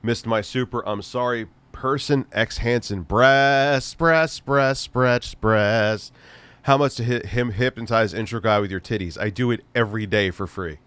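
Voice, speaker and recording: A man's voice: on the low side, fairly quick, hardly any pauses, a bit bright, dry recording. A man hosting a livestream, rambling through casual chat with crude, profane jokes and frequent restarts. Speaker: livestream host.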